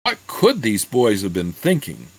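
A man reads a novel aloud slowly, with lively rises and falls in pitch. His voice is slightly husky, and the recording is dry and close. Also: no echo. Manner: slow, expressive, halting in asides. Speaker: reader. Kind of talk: reading a novel aloud with commentary.

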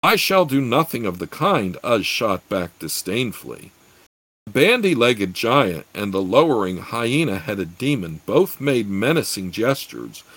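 A man's voice: lowish voice, a bit bright, breathy edge, no echo, rough recording. A man narrating a fantasy audiobook expressively, with occasional self-corrections.

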